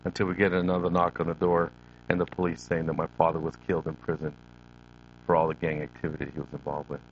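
A man's voice: a bass voice, little pitch movement, fast talker. A middle-aged man from Northern California telling his childhood story to an audience, turning to them with questions and acting out his younger self. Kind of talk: personal testimony to an audience. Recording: dull lo-fi recording with faint hum.

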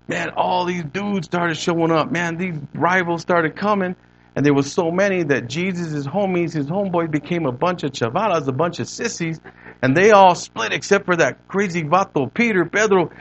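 A man's voice: high-pitched, fairly bright tone, slight background noise, pitched above the performer's own voice, rough recording. A man voicing a young male ex-gang member with an East Los Angeles accent, retelling a story in blunt street slang.

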